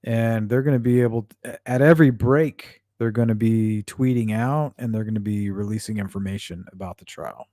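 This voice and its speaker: Brisk and hardly pausing, a man with a lowish, dark voice hosts a true-crime livestream, reading out viewer comments in casual chat. He's blunt and frequently profane, using lots of fillers. The recording is dry and studio clean.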